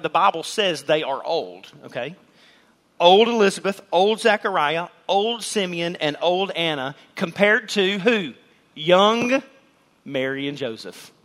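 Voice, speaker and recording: A man's voice: fairly high pitch, fairly bright tone. A man, preaching a sermon in church in a conversational, joking style with emphatic repetition. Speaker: pastor. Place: church sanctuary with a congregation.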